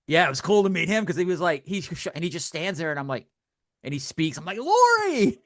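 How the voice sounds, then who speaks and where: An older man with a fairly high speaking voice tells stories in casual podcast chat. He acts out other people's lines with lively jumps in tone. The sound is dry and close. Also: fast, dry recording. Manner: animated storyteller, acts out quotes. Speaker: podcast co-host.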